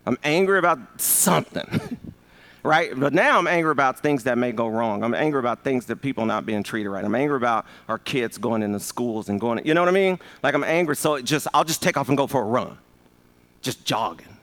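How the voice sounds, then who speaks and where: A man in his fifties preaching a sermon as pastor, animated and joking, calling on the congregation to answer. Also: mid-range voice, a little fast. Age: 50s.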